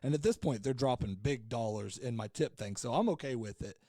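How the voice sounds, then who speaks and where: Podcast regular, male, mellow voice, frank and jokey, rambles with fillers; dry recording. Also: medium pitch, a little fast, no room sound. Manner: rambling, loose, with many fillers and restarts. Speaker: podcast co-host. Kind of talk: casual storytelling chat.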